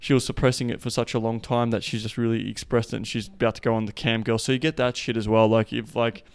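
A man hosting a casual podcast monologue with a smooth, resonant voice. His pitch stays fairly level and doesn't rise or fall much. He talks loosely, swears freely, and keeps falling back on filler phrases. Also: level tone, quick pace. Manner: profane, loose, full of "like" and "the thing is". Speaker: podcast host.

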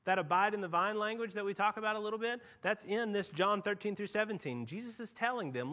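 A pastor delivers a lively sermon, his voice pitched high and swooping all over the place. He tells stories casually, then builds to loud, emphatic peaks before dropping to quiet asides. His tone is bright and forceful. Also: fairly quick, hardly any pauses. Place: church.

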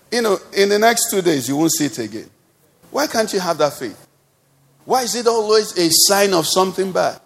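High-voiced Nigerian pastor preaching. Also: male voice. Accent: Nigerian English. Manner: preaching with rising exhortation, repeated refrains. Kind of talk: sermon. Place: church service.

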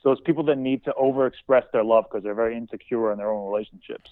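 A man's voice: medium pitch, fast talker, no echo, phone-quality sound. A man co-hosting a podcast in casual chat, giving dry, opinionated takes. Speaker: podcast co-host.

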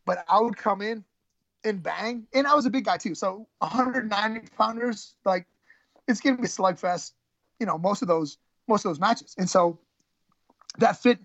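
A man, a former college wrestler, telling his story as a podcast guest in a halting, candid way, with many restarts. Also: high voice, fairly bright tone, no echo, dull audio.

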